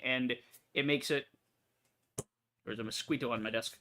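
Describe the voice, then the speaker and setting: A young man chats over his gameplay in a bright, forward voice, wandering from topic to topic. He pads his talk with fillers and restarts, the relaxed, meandering manner of a gaming YouTuber. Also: medium pitch, moderate pace, long pauses. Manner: rambling, talkative, many fillers and restarts. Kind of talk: casual gameplay commentary.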